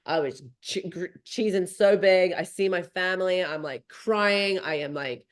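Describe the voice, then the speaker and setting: Animated woman telling a race story. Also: lowish voice, a little slow. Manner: animated, swearing freely, acting out her own thoughts. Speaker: podcast host. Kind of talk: casual storytelling chat.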